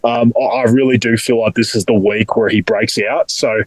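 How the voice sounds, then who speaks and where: A man's voice: medium pitch, fairly even intonation, normal speed, no echo, poor audio. An Australian man co-hosting a sports podcast, talking emphatically in casual chat and swearing casually. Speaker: podcast co-host.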